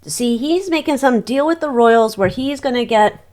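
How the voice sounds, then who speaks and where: A woman's voice: on the high side, normal speed, a little mellow. A woman giving a casual psychic tarot reading, chatty and exclamatory, talking to her cards as she turns them. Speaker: tarot reader.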